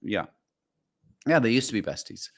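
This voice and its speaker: A man's voice: fairly low pitch, big pitch swings, moderate pace, a bit bright. A man co-hosting a podcast in casual chat, rambling and opinionated, full of fillers. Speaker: podcast co-host.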